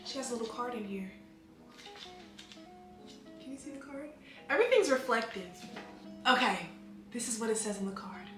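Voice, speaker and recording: A young woman chatting excitedly in a casual review video, talking fast with lots of fillers. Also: fairly high pitch. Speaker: beauty vlogger. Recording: echoey room with faint music.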